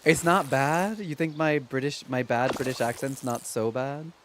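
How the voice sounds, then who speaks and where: A man with a mid-range voice streams a game at normal speed, with background noise in the clip. He chats to his viewers while playing, rambling casually and saying "like" constantly as he gives his commentary.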